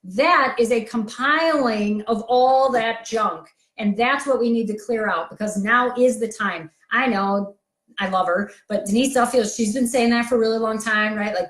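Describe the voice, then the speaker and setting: Woman, motivational coach, blunt and energetic, fairly high voice, echoey room. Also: normal speed. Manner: blunt, energetic, pep-talk delivery. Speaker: coach for sensitive people. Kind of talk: motivational talk to camera.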